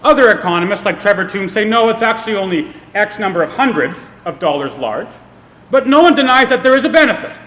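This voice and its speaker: A man's voice: high-pitched, lively intonation, quick pace, a bit bright. A young man from Canada giving a public speech, telling a humorous, self-deprecating story. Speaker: speaker. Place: event hall. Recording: echoey hall with long reverb.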